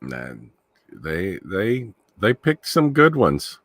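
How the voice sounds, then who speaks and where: A man's voice: low-pitched, no echo, studio quality. A man co-hosting a casual movie commentary, cracking jokes. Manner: slow, jokey, animated delivery.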